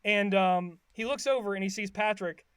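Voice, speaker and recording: A man's voice: high-pitched, moderate pace, a bit bright, clean tone, dry recording, clean studio sound. A man casually retelling a cartoon episode on a podcast, rambling with lots of fillers and acting out bits of dialogue. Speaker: podcast co-host recapping an episode. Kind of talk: casual chat.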